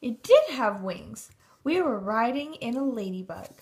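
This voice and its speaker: A woman narrating a children's storybook in a steady, expressive reading. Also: a little high, a little slow, background noise.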